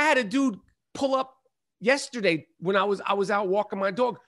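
A man in casual conversation, telling stories in a profane, animated way and repeating himself as he talks. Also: high voice, normal speed. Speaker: podcast guest. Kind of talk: casual chat.

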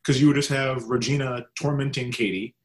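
A man hosting a podcast in casual chat, relaxed and joking as he steers the talk. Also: medium pitch, fairly quick. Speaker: podcast host.

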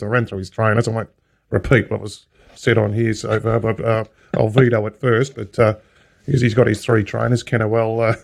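A man's voice: mid-range voice, gravelly. An Australian man chatting on a racing podcast, rambling and repeating himself as he tells stories. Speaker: podcast co-host. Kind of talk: casual storytelling chat.

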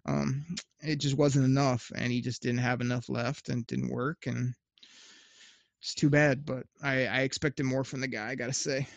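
A man co-hosting a sports podcast, rambling through his memories with plenty of restarts and the odd laugh. His voice has a gravelly fry, recorded dry and close. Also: medium pitch, level tone, moderate pace, no room sound. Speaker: podcast co-host. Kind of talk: casual sports chat.

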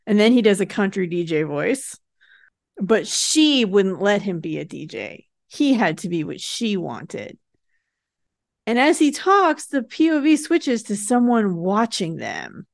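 A chatty woman co-host talks through a TV episode in an easy, casual way, laughing a lot and swearing now and then. Her voice is mid-pitched and recorded close and dry. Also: big pitch swings, measured pace, gravelly, no room sound. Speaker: podcast co-host. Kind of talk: casual TV recap chat.

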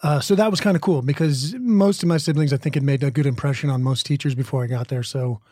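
A man's voice: medium pitch, fast talker, mellow, no echo, clean studio sound. A man in his forties from the American Midwest, an actor being interviewed, talking thoughtfully with restarts and asides. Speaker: actor guest. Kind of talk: interview conversation.

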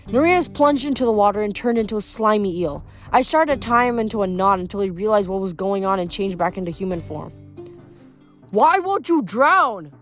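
A woman reading a novel aloud, steady and plain, with occasional slips and restarts. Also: mid-range voice, fast, few pauses, soft background music. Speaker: reader.

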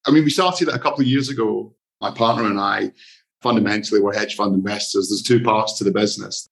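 A Scottish man being interviewed as a guest on a podcast, talking in a relaxed, self-deprecating way. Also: on the low side, fast talker, creaky. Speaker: guest, investor. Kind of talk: casual interview talk.

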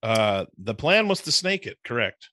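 A man co-hosting a podcast in casual chat, laughing often and thinking out loud with playful teasing. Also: medium pitch, very animated, normal speed, no echo, clean studio sound. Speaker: podcast co-host.

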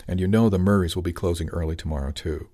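A man's voice: low voice, steady tone, fast talker, dark tone. A man voicing a mother who talks firmly with light banter. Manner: firm, bantering. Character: firm, bantering mother of the household.

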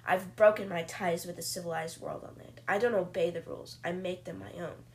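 Captain Nemo, a woman doing a quiet stern captain. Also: lowish voice, steady tone, fairly quick, natural voice. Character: stern secretive male submarine captain.

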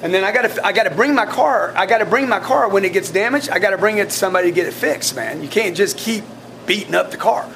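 A man coaching his sales staff in a blunt, animated way, often restarting his sentences. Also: high-pitched, fast, creaky, noisy background. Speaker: sales team leader.

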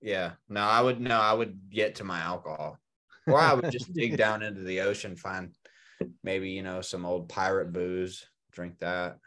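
A man chatting on a podcast over a video call, excitable and full of swearing. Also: deep voice, moderate pace. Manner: profane, excitable. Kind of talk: casual podcast banter.

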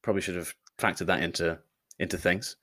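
A man's voice: deep voice, steady tone, pushed and bright. A man co-hosting a casual chat podcast, joking, laughing often and mocking himself. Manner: quick, laughing, self-mocking. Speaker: podcast co-host.

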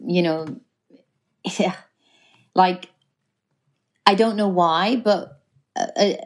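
A woman's voice: on the low side, extremely slow. A middle-aged woman with a Geordie accent, chatting as a guest on a podcast, full of fillers and restarts. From North East England. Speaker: actress guest. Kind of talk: casual chat.

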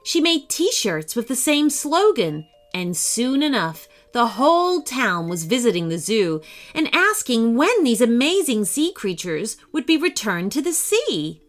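Expressive woman reading a children's story. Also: a little high, a little slow, soft background music. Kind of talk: scripted story narration for children.

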